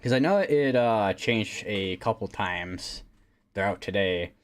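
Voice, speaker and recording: A man's voice: fairly low pitch, lively intonation, takes it slowly. A man hosting a live weather stream, talking casually and rambling with lots of fillers and restarts. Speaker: livestream weather host.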